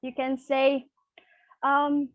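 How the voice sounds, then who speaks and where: A young woman teaching a lesson, speaking haltingly with many fillers and restarts. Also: high voice, completely flat delivery, no echo. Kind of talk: microteaching English lesson. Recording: dull, lo-fi dry recording.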